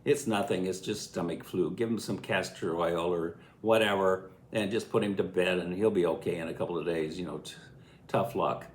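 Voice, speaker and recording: A man's voice: sits low, moderate pace, slight background noise, lightly acted. An elderly man voicing a dismissive male country doctor in an offhand, shrugging manner. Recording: echoey room.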